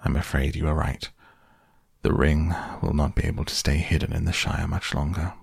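A man voicing a stern, wise old wizard, speaking gravely and measuredly in an audiobook. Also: extremely low pitch, level tone, moderate pace, no room sound, studio quality, full character voice. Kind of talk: audiobook character voice.

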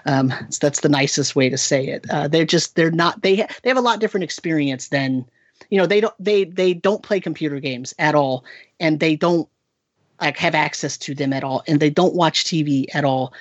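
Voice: mid-range voice, normal speed, dry recording. A game master recounting a tabletop session in casual chat, rambling with frequent restarts and "right?" tag questions.

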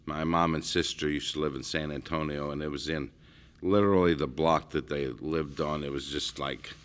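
A man's voice: a bass voice, steady tone, moderate pace. A middle-aged man casually telling stories in a rambling way, with frequent restarts. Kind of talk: casual conversation.

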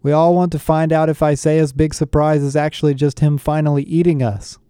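A man's voice: medium pitch, unhurried, mellow, clear, resonant tone, no echo, clean studio sound, natural voice. A man voicing a bold teenage boy who jokes around, in a lightly raised breezy delivery. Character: bold teenage boy, joking leader type.

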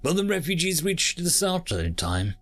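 A man's voice: fairly high pitch, sing-song, moderate pace, soft background music, pitched above the performer's own voice. A man voicing a commanding female alien matron who speaks urgently and clipped in an audiobook.

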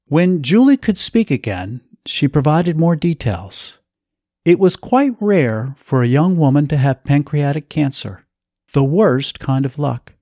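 Slow, expressive male storyteller. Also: a little high, no echo, clean studio sound. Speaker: narrator. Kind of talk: story reading.

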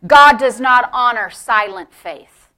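Woman pastor, middle-aged, high bright voice, emphatic sermon delivery that drops to a hush. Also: takes it slowly. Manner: emphatic preaching that swings from loud exclamations to hushed near-whispers.

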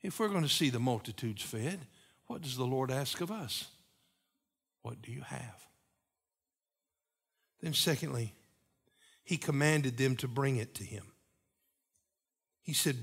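A man preaching a sermon as pastor, moving between emphatic raised passages and hushed, repeated lines. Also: mid-range voice, unhurried, long pauses, husky. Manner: preaching with swings from loud emphatic peaks to hushed, repeated phrases.

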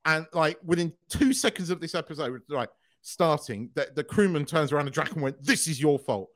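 A man co-hosting a podcast in casual chat, excitable, swearing freely and laughing often. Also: a little high, fairly quick, no room sound, studio quality. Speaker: podcast co-host.

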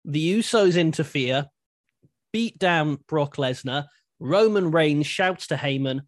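A man co-hosts a casual podcast, talking animatedly and circling back on his own sentences as he thinks. His voice sits a touch high. The sound is dry and close, with no room around it. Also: slow pace, no room sound. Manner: animated, thinks aloud with restarts. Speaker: podcast co-host. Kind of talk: casual wrestling chat.

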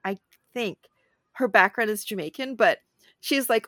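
A woman co-hosting a casual film podcast, animated and chatty, laughing often. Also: a little high, a little slow, no room sound, clean studio sound. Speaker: podcast co-host.

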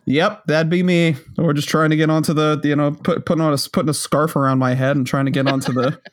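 A man's voice: fairly high pitch, fairly even intonation, quick pace. A man in casual chat, rambling and self-mocking, with lots of fillers and swearing.

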